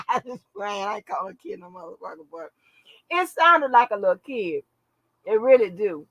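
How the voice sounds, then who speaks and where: A woman's voice: medium pitch, sing-song, moderate pace, fairly bright tone, dry recording, poor audio. A middle-aged woman hosting her own channel, chatting casually to viewers in a brash, profane, laughing way and calling them baby and honey. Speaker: channel host.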